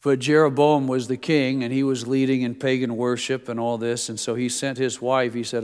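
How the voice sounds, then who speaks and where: A man's voice: mid-range voice, level tone, normal speed, few pauses, darkish tone, smooth. A middle-aged male pastor giving a sermon, with folksy stories in a conversational preaching manner. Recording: long reverb of a church hall.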